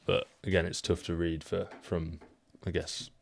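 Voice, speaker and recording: A man's voice: sits low, flat delivery, measured pace, gravelly, slight background noise. A man co-hosting a casual podcast, chatting in a laid-back, teasing manner. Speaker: podcast co-host.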